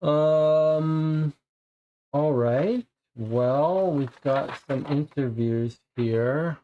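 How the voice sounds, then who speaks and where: A man's voice: a little high, drawn-out words, mellow, highs cut off. A man playing a cold case board game, thinking aloud in a musing, hesitant way.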